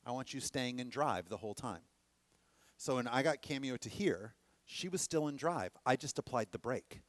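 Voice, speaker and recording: A man teaching a dance workshop to a class, animated and often checking that the students are following. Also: medium pitch, normal speed, dry recording. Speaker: dance instructor.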